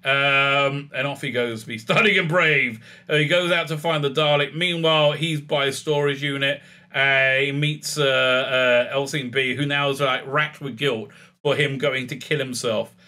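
A man casually recapping and reviewing a TV episode as a channel host, sarcastic and animated, with lots of fillers and restarts. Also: mid-range voice, a little slow. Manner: sarcastic and animated, with many fillers and restarts, acting out quoted lines.

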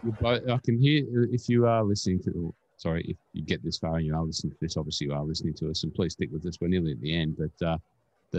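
A man's voice: deep voice, darkish tone, dry recording. An Australian man co-hosting a podcast, chatting casually and rambling with plenty of fillers. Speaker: podcast co-host.

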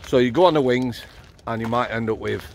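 A man's voice: mid-range voice, brisk, gravelly, darkish tone, a little hiss or hum. A middle-aged man with a Yorkshire accent, a former prison officer telling blunt, matter-of-fact stories while walking outdoors at night. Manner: blunt, matter-of-fact storyteller, swears freely. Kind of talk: casual storytelling on a night walk.

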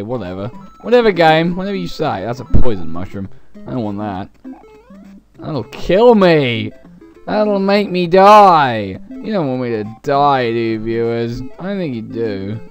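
A young man doing comedic, sarcastic gameplay commentary, talking to his viewers with sudden loud outbursts. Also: medium pitch. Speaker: let's play commentator.

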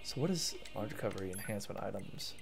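Animated chatty male game streamer. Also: on the low side, fast talker, creaky. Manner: chatty, rambling, excitable. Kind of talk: let's play commentary. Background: faint game music.

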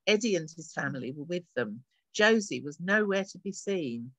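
An author reads a passage of her own science fiction aloud, shifting her voice a little for each character. The sound is bright and forward. The recording is dry and close, with no room echo. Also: mid-range voice, lively intonation, moderate pace. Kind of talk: reading a novel extract aloud.

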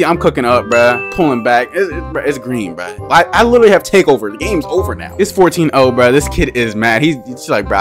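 A man's voice: medium pitch, fairly bright tone. A young man giving casual, slangy gameplay commentary as a gaming YouTuber, dropping "bruh" constantly.

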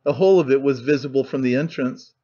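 A man reading a novel aloud as an audiobook narrator, in steady, measured storytelling. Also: mid-range voice, slightly rough, dull audio. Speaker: audiobook reader. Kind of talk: scripted narration.

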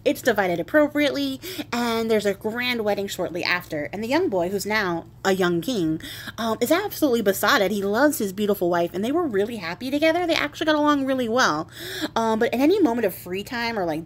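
Chatty woman retelling a fairy tale. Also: on the high side. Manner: wry, chatty, laughs and swears. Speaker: craft video host.

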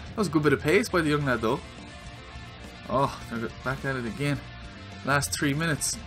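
An Irish man giving his own excitable commentary while playing a football video game, yelling at the screen during big moments. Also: mid-range voice, a little fast, long pauses, faint music behind. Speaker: gaming video creator.

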